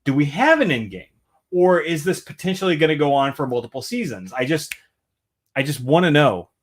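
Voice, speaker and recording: A man co-hosts a podcast in loose casual chat, his slightly high voice swinging up and down with a lot of life. He rants and swears freely as he talks. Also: brisk. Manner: profane, ranting, animated. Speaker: podcast co-host.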